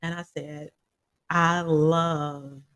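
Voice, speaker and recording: A casual music reviewer rambles through thoughts on a song, full of fillers, laughs and direct asides to the audience. The voice sits at an ordinary middle pitch. It is recorded close and dry, with no room sound. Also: drawn-out words, no room sound. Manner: rambling and animated, with many fillers and frequent laughs; talks straight to viewers.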